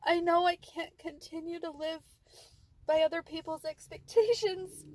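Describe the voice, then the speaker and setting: High-voiced tearful woman vlogging. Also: flat delivery, moderate pace, a little mellow, slight background noise. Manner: emotional, repeats herself, cries and self-soothes. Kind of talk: unscripted personal video diary.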